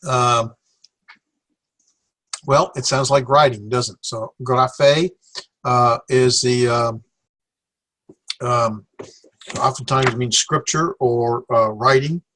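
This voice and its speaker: A male teacher walks a class through Greek words at a slow, unhurried pace, his voice sitting at an ordinary middle pitch. He talks with plenty of fillers and stops now and then to correct himself. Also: steady tone, pushed and bright. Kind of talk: classroom lecture.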